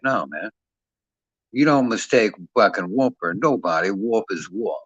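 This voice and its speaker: A man's voice: on the low side, animated, unhurried, a bit bright, dry recording. Profane rambling man, dull dry sound. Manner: rambling, profane, keeps ending lines with "man". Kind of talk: casual profane monologue.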